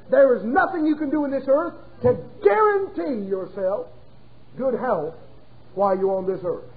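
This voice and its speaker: High-voiced preacher on tinny phone-like audio. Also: male voice. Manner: folksy, emphatic preaching with sudden slowdowns and chuckles. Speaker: pastor. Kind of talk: sermon. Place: church.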